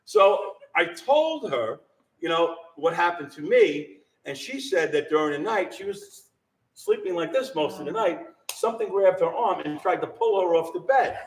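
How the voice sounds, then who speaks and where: Animated man telling a ghost story. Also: sits high, moderate pace, distant mic. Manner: animated, laughing storyteller, acts out voices. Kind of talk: animated storytelling to a live audience. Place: small shop with live audience. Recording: roomy sound from off-mic.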